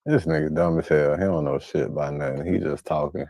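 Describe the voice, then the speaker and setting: A man's voice: very deep voice, fairly even intonation, a little fast, warm tone, no echo. A man streaming a reaction video, talking bluntly in slang and swearing freely as he comments. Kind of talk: casual profane commentary.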